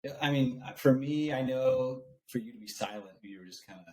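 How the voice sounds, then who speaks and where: A man's voice: medium pitch, moderate pace, dark tone, poor audio. A man chatting casually as a podcast guest, hesitant and restarting, with a laugh. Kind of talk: casual chat.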